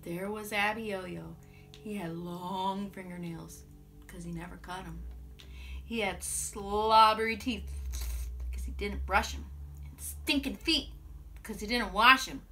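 A woman music teacher telling a children's story aloud, animated and expressive, with playful sound effects. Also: medium pitch, slow, long pauses. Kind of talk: storytelling to children with ukulele song.

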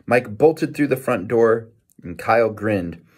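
A man reading a children's novel aloud in a lively storytelling manner, with small self-corrections. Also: fairly low pitch, unhurried, slightly rough. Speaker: reader.

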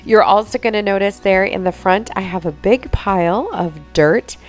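A woman's voice: medium pitch, moderate pace, faint music behind. A woman narrating her home vlog in an upbeat, chatty way, her voice stuffy and nasal from pollen. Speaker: home vlogger.

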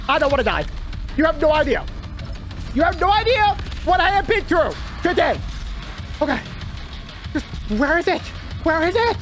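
High-pitched excitable man gaming. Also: normal speed, pauses often, soft background music. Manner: excitable, talks to himself, yelps when panicked. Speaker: gaming channel host. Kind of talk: live gameplay commentary.

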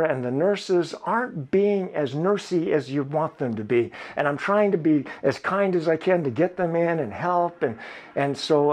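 A middle-aged man, a pastor, telling a personal story in a sermon in a candid, confiding way, halting often and restarting his sentences. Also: on the high side.

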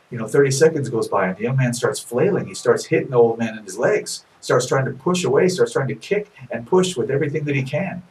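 A male minister telling a sermon story in a soft-spoken, unhurried way, with hesitant restarts. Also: mid-range voice, distant mic, rough recording. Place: office.

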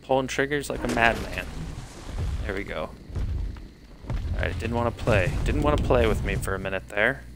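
A man's voice: lowish voice, moderate pace, gravelly, pauses often, noisy background. A male streamer talks through his game live, chatting to himself and his viewers. He jumps and yelps when startled, then settles back into easy chatter. Game sounds run under his voice throughout. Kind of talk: live gameplay commentary.

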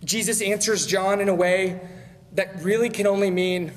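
High-voiced male pastor preaching. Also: steady tone, normal speed. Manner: conversational preaching with frequent "right?" asides. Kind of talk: sermon. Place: church sanctuary. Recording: long church hall reverb.

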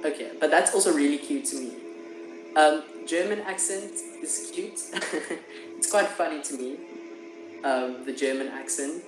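A South African man chats over a video call, drifting and hesitating as he searches for words. His voice sits in an echoey room, with music playing clearly behind him. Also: a little high, a little slow. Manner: rambling, hesitant, lots of fillers and laughs. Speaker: chat partner. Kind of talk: casual video chat.

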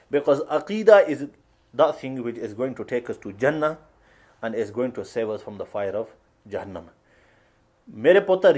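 A man from England, co-hosting with animated, mocking banter. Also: medium pitch, husky. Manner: animated, laughing along, mocking. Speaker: co-host.

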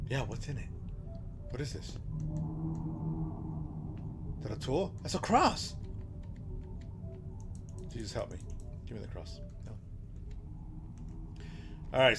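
A man's voice: mid-range voice, normal speed, long pauses. A man giving joking let's-play commentary on a horror game, talking to his viewers and to the characters on screen. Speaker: gaming channel host. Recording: game music underneath.

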